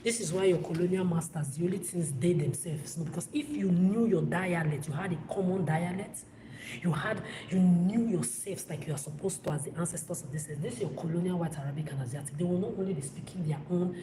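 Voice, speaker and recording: A woman's voice: on the low side, fairly quick. A woman from Africa, ranting to camera as a vlogger. She talks bluntly and angrily, swears freely and often stumbles and restarts her sentences. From West Africa. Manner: angry, blunt and profane, with repetitive restarts. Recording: echoey room with loud background noise.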